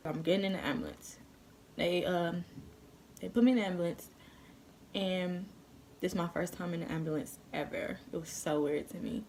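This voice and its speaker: Gravelly young woman telling a story. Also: on the low side, normal speed, pauses often, slight background noise. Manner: animated, profane storytelling with slang. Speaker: vlogger. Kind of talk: storytime vlog.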